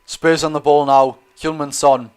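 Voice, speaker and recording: A young man with a Geordie accent hosting a live football watch-along, chatty and excitable, reading viewer comments aloud. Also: on the high side, measured pace, smooth. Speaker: streamer and host.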